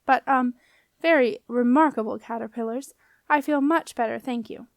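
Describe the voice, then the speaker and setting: A woman's voice: a little high, normal speed, dry recording, clean studio sound, lightly acted. A woman voicing an anxious, earnest middle-aged male wizard who talks hesitantly and pleads in a storybook reading. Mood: flustered.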